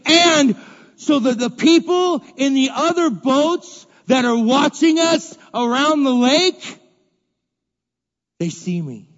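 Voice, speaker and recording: A male preacher with a high voice delivers a slow, emphatic sermon. He repeats phrases for weight and swings from loud, urgent lines to hushed ones. The recording is dull and lo-fi, with long reverb from a large hall. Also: animated. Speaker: pastor.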